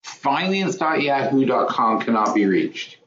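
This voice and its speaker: A man's voice: mid-range voice, animated, a little slow. A man hosting a trading webinar, thinking aloud, muttering to himself and correcting himself as he goes. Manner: mutters to himself and scolds his software; rambling, self-correcting. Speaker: webinar host. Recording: roomy, dull lo-fi webinar audio.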